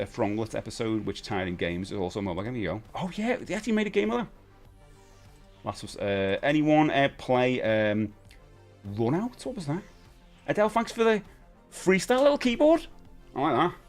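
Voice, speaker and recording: A British man in his forties hosting a casual live stream, animated, jumping between excited high bursts and low mutters. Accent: British English. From United Kingdom. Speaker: livestream host.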